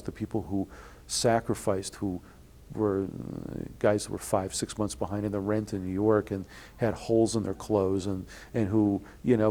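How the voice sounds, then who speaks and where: A man with a fairly low voice and vocal fry is being interviewed about his experiences. A blogger, he tells long, rambling stories with an indignant edge, restarting often and loudly acting out the people he quotes.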